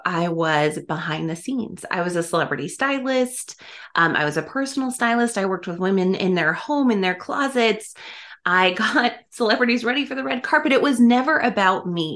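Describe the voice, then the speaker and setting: A woman's voice: mid-range voice, a bit bright. Effusive woman podcast guest, laughing often. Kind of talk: casual podcast interview.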